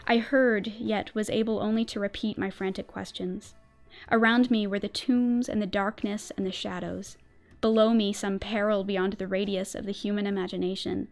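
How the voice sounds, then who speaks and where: A woman's voice: mid-range voice, flat delivery, moderate pace, gravelly, soft background music. Woman streamer reading horror aloud. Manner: tense, theatrical narration with swells of volume. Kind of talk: dramatic reading of a horror story.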